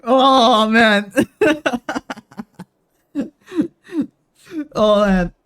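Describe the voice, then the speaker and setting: A woman's voice: mid-range voice, unhurried. A young adult woman streaming a game live, talking emotionally and swearing freely as she repeats herself. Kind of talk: live-stream gaming commentary.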